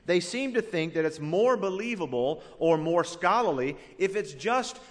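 A male pastor preaching a sermon, punching some words and letting others drop to a hush. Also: sits high, animated, long reverb tail. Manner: emphatic preaching that swings between loud punches and hushed, drawn-out words.

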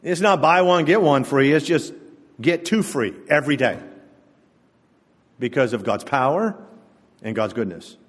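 A man preaching a sermon to his congregation, telling stories in a conversational way with touches of humor. His voice sits at a middle pitch, and a long reverb hangs in the church hall around him. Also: measured pace, long pauses, slightly rough. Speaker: pastor.

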